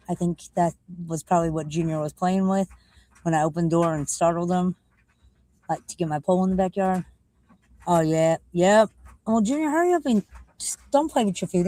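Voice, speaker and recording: Chatty, rambling woman with a low voice. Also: mellow, no room sound. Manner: chatty, rambling, swears casually. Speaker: livestream host. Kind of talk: casual rambling livestream chat. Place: at home, walking out to the backyard.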